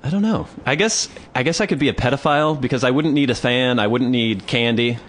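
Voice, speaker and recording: A young man co-hosting a podcast, casually telling a comic story and acting out bits of it. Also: medium pitch. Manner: storytelling, acting out others in quick asides. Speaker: podcast co-host. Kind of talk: casual comedic chat.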